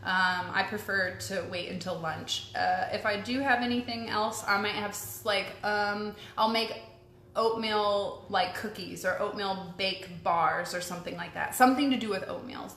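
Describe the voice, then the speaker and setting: A woman's voice: mid-range voice, normal speed, a bit bright, a little hiss or hum. A young adult woman hosting a casual live stream, chatting upbeat with viewers and reading out their questions, full of ums and likes. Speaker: host answering viewer questions. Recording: echoey room with faint ambience.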